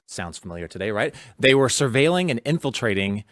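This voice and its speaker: Indignant animated man. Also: medium pitch, brisk, no echo, clean studio sound. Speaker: guest, former FBI agent. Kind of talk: political talk show chat.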